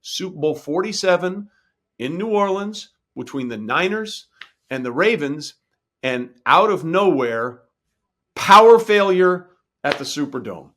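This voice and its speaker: A man's voice: fairly high pitch, lively intonation, measured pace, fairly bright tone. A middle-aged man hosting a podcast, asking questions and encouraging his guest in a casual, conversational way. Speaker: podcast host.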